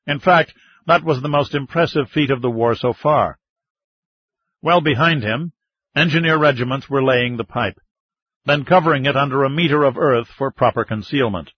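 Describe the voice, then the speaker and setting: A man narrating a novel in a steady, measured way. His mid-pitched voice has a husky grain. The recording is close and dry, with a slightly muffled, dull tone. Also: no room sound. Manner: steady, even storytelling. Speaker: audiobook narrator. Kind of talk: scripted narration.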